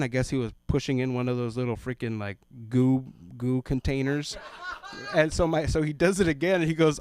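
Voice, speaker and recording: A man in his thirties performs a stand-up set, telling stories and slipping into quick voices for the other people in them. His voice sits at an ordinary middle pitch. The sound is close and dry. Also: fairly even intonation, a little mellow, smooth, dry recording. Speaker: stand-up comedian. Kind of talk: stand-up set at an open mic.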